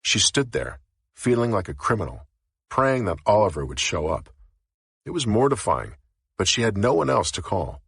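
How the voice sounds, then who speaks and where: A man narrating a novel as an audiobook in a steady, even reading. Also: fairly low pitch, moderate pace, vocal fry, slightly rough, no echo, studio quality.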